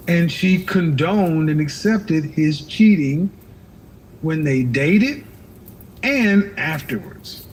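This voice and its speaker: A man's voice: fairly high pitch, darkish tone, a little hiss or hum. Blunt, lecturing man on a call-in show. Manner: blunt, lecturing, cuts callers off. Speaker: advice show host. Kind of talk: live call-in advice show.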